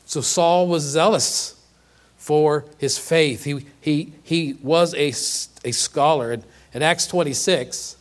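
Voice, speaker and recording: A man preaching a sermon, earnest and emphatic, often repeating and restarting words and asking rhetorical questions. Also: a little high. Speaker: pastor.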